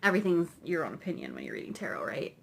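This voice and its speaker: A woman's voice: on the low side, huge pitch swings, rapid-fire, vocal fry, a bit bright, husky. A woman tarot reader explaining cards in a chatty, rambling way, often adding "right?". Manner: chatty, rambling, tag questions. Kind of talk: casual explanatory lesson.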